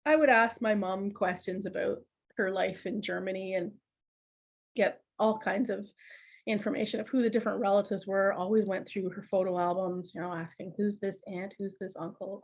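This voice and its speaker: A middle-aged woman, a podcast guest telling family stories in a lively, laughing, conversational way. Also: mid-range voice, normal speed. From Canada. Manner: laughs often, animated anecdotes with acted quotes. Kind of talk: conversational storytelling.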